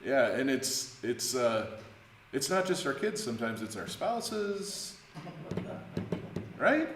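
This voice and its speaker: A man's voice: medium pitch, big pitch swings, slow pace, a bit bright, a little hiss or hum. Conversational man teaching in an echoey church. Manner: conversational, hesitant, many restarts and questions to the group. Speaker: pastor leading Bible study. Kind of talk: informal Bible study teaching. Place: church room. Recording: echoey church room, faint ambience.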